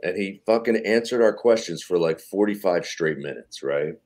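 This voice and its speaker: A man, a comedian, casually telling a backstage story on a podcast, animated and profane, acting out quotes. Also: low-pitched, normal speed. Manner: animated anecdote telling with swearing and acted quotes. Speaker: comedian guest.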